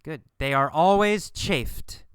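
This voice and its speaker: A man teaching an English lesson, speaking slowly and emphatically and repeating phrases for learners to copy. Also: a little high, clean tone, no room sound, studio quality. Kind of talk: scripted language lesson.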